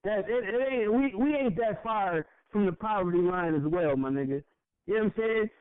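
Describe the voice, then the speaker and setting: A man's voice: sits high, moderate pace, smooth, dry recording. A young adult man and podcast co-host, ranting with passion and a lot of profanity, stumbling over repeated words. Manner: heated, profane, repeats words when worked up. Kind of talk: impassioned casual podcast rant. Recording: tinny phone-like audio.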